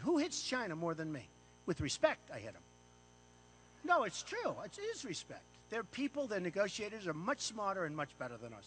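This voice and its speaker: American man, high voice, swooping lively delivery, boastful repeated punchy phrases, speech to a room. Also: slight background noise. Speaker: paid speaker. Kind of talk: off-the-cuff speech to a live room. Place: event room with an audience.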